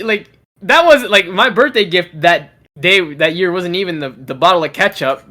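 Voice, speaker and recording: A man's voice: a little high, pushed and bright. A young man co-hosting a podcast, telling a story in casual chat with constant swearing. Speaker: podcast co-host.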